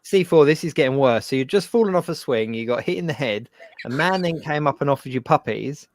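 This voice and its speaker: A man's voice: fairly high pitch, lively intonation, a little fast, a little hiss or hum. A man with a Geordie accent hosting a casual podcast chat, laughing and reading out viewer comments. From North East England. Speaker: podcast host.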